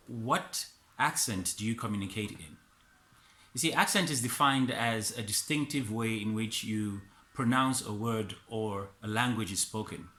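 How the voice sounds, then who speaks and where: Emphatic West African man, bright voice. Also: mid-range voice. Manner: earnest, emphatic, repeats key phrases. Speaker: Toastmaster speaker. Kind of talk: motivational talk to camera. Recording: echoey room.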